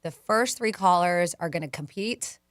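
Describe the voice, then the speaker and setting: A woman's voice: fairly low pitch, moderate pace, no echo. Upbeat woman radio co-host, dry studio sound. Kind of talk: morning radio chat and contest promo. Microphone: studio mic.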